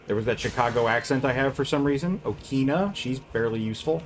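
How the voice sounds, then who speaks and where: A man's voice: medium pitch, fast talker, hardly any pauses. Wry man commenting over game music. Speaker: co-host watching the game. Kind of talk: casual gameplay chat.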